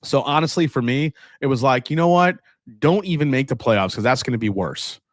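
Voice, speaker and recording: A man's voice: mid-range voice, lively intonation, a little fast, no echo, clean studio sound. A man hosting a casual live stream, chatting loosely and laughing as he reads viewer comments aloud. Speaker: whiskey livestream host.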